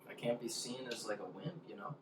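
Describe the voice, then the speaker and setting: A man from the Chicago area co-hosting a casual hot wing interview, relaxed and quick to laugh. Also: mid-range voice, slight background noise. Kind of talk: casual chat. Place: home room. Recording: echoey room, mic far off.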